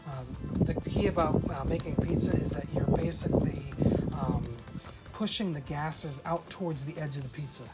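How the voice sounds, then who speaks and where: A presenter giving a relaxed outdoor cooking demonstration at a pizza oven, often pausing with "uh" and restarting phrases. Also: medium pitch, rough recording. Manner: relaxed, many "uh" fillers and restarts. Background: loud background music.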